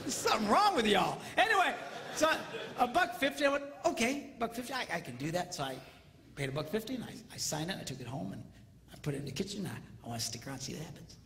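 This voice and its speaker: A man's voice: high-pitched, big pitch swings, fast talker, creaky, sharp tone. A man in his fifties giving a comedic marriage seminar to a live audience, bursting into squealing impressions of women. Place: large hall with audience. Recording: reverberant hall with faint noise.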